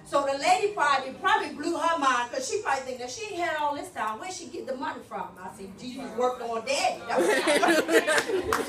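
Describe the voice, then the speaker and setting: A woman telling her testimony in church, a lively storyteller who acts out both sides of conversations. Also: high voice. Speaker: church member giving a testimony. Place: church hall. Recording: echoey hall, picked up from far off.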